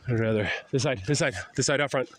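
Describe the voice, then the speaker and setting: A man's voice: medium pitch, fast talker. Older guy with a cold, stuffed-up nose, huffing along a riverbank talking to himself, noisy outdoor clip. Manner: muttering to himself while hiking. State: out of breath from walking. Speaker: drifter vlogger. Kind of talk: casual walking vlog.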